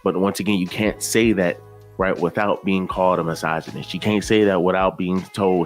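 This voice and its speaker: A man with a very low voice talks straight to his viewers in loose reaction commentary. He keeps tagging his phrases with "right" and "man." Faint music sits under his voice. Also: steady tone, quick pace. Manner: repeats "right" and "man" constantly, conversational. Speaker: commentary channel host.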